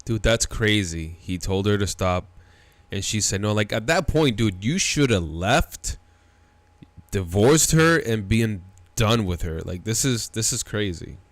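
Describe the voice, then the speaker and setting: A man hosting a reaction show, speaking in a lower-than-average voice with blunt, incredulous commentary on a played clip. His delivery is dry and close to the mic, with no room sound. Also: unhurried, no echo.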